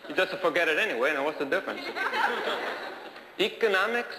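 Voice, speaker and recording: A comedian doing an Italian-accented deadpan joker. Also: male voice, high voice, brisk, crowd noise. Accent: fake Italian. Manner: dry comic patter. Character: deadpan Italian-accented man pitching a silly school. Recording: echoey hall, noisy, audience laughter.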